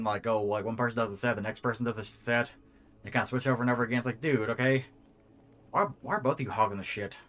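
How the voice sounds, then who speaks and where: Fast-talking young man, rambling and swearing. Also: medium pitch, fairly bright tone. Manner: rambling, heavy filler, swears a lot. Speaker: co-host. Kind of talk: casual chat.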